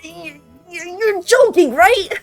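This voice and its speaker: A woman's voice: very high voice, expressive, slow pace, faint music behind, pitched above the performer's own voice, heavily acted. A woman voicing a cheerful teenage boy who gets flustered, reading aloud from a visual novel.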